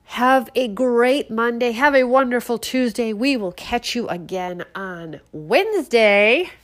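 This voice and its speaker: A woman's voice: a little high, expressive, slow. A woman hosting a political opinion show, talking sarcastically and bluntly with a stuffy nose from a head cold. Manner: sarcastic, mocking, outspoken. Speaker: show host.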